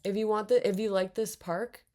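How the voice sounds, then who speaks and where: A young woman giving casual let's-play commentary, reacting out loud, muttering to herself and swearing a lot. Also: medium pitch, flat delivery, moderate pace. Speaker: gaming streamer.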